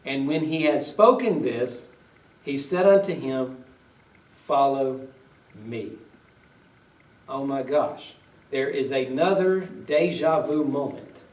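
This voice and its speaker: A man's voice: medium pitch, slow pace, pauses often, darkish tone. A male pastor preaching a conversational sermon, reading old-style scripture aloud and then retelling it in everyday words while asking the congregation questions. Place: church sanctuary. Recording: echoey room, voice from a distance.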